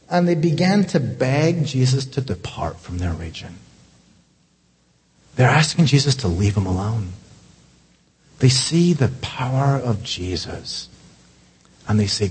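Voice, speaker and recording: A man pastor preaching a sermon, animated, climbing to loud high peaks and dropping to hushed asides. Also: unhurried, pauses often, breathy edge. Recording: long hall reverb.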